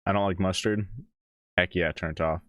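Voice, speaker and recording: A man with a fairly low voice chats casually on a music reaction stream, chuckling through rambling asides. The sound is dry and close, on a desk mic at home. He sometimes talks with his mouth full. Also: fairly even intonation, moderate pace, a bit bright, no room sound. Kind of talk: casual live-stream chat.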